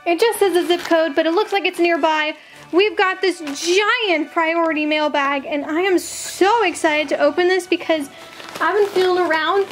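Very high-voiced gushing young woman. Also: normal speed, faint music behind. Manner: gushing, excitable, exclaims often. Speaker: vlogger opening fan mail. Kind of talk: casual unboxing chat.

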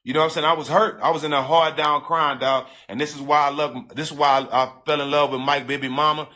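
Speaking to his audience in rough, cursing street talk, this man recounts something from his own life. His pitch sits fairly high and stays mostly level, and his tone sounds pushed and bright. Feeling overtakes him, so he stumbles and says the same things again.

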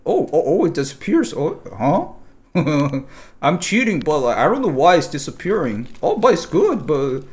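A man mockingly mimicking a clueless, smug male cheater, puzzled and higher-pitched. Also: sing-song, normal speed, a little mellow.

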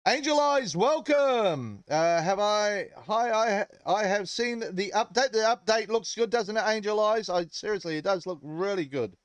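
A man's voice: high-pitched, expressive, moderate pace, few pauses, no echo. A man hosting a casual game livestream, joking and greeting viewers in chat as he rambles. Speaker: livestream host.

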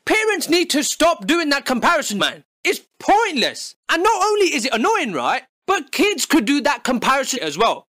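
A young man rants for comedy, mocking and exasperated, with loud outbursts. His voice is very high and bright. The recording is close and dry. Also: huge pitch swings, normal speed, few pauses, no room sound. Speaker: comedy YouTuber. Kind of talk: comedic rant to camera.

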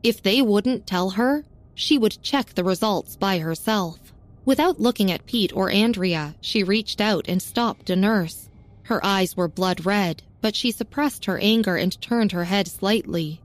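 A woman reading a serialized story as narrator, with a steady, even storytelling manner. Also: mid-range voice, a little slow. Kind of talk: scripted audiobook narration. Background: faint music.

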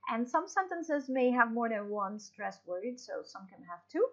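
A woman's voice: a little high, lively intonation, normal speed, highs cut off. A woman teaching English in a recorded online lesson, explaining patiently with fillers and restarts.

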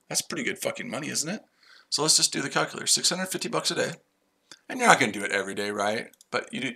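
Brash gravelly man streaming trades. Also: mid-range voice, bright, forceful tone. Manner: brash, profane, trash-talking; chats to viewers by name. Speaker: trading livestream host. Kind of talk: casual livestream chat.

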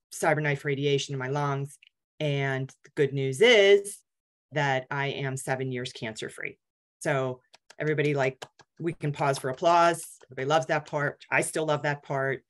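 A woman's voice: sits low, a bit bright. A woman in her forties giving a candid, conversational talk as a guest speaker, with many fillers. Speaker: guest speaker, cancer survivor. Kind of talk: personal story talk.

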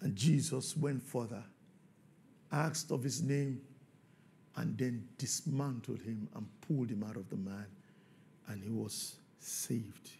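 A man preaching a sermon as pastor, swinging from quiet scripture reading to loud shouting. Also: medium pitch, takes it slowly, vocal fry.

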